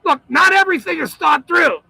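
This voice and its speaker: A man in a profane, shouting monologue, ranting as the host of his own channel. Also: very high-pitched, brisk, creaky, dry recording, rough recording. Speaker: citizen auditor channel host.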